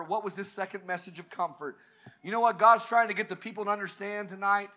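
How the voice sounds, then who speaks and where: A man's voice: high voice, steady tone, quick pace, pushed and bright. A man preaching a sermon at a church service, fervent and building to emphatic peaks.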